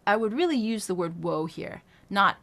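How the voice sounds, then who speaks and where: This woman's voice is medium-pitched, gravelly and a bit bright, with lively intonation at a moderate pace. As a vocal coach teaching singing, she breaks phrases into individual notes step by step, chatting conversationally and often saying "right?" and "um."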